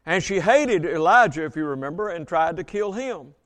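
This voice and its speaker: A man preaching a sermon as a Baptist pastor, reading scripture aloud, slowing on key words and asking the congregation questions. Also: a little high, lively intonation, a bit bright. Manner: reads scripture aloud, slows for emphasis, asks congregation questions.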